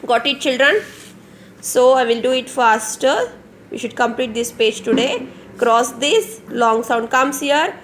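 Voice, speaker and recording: This is an online phonics lesson led by a woman with an Indian English accent, a kindergarten teacher who patiently spells words out for young children and says them again. Her voice sits on the high side, unhurried and a bit bright. A little hiss or hum can be heard.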